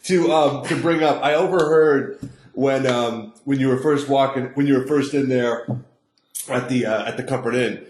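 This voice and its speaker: A man's voice: medium pitch, normal speed, a little mellow, slight background noise. Laid-back male podcast host. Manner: laid-back, with short agreeing replies and laughs. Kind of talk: casual interview. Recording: echoey room.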